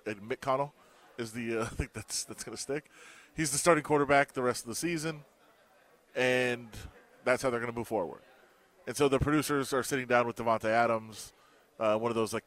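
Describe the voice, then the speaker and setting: A man co-hosting a sports radio show, telling stories in casual chat and acting out the lines of people he quotes. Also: medium pitch. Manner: animated storyteller, acts out quoted dialogue. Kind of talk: casual sports talk and storytelling.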